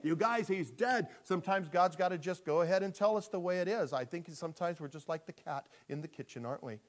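A male pastor preaching a sermon in an animated storytelling manner, dropping to a hush and rising to shouts. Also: sits high, fast talker.

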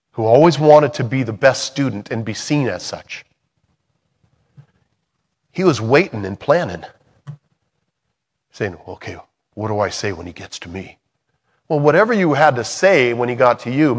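A man preaching a sermon in a conversational way, swinging from loud emphatic bursts to soft, hushed lines. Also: mid-range voice.

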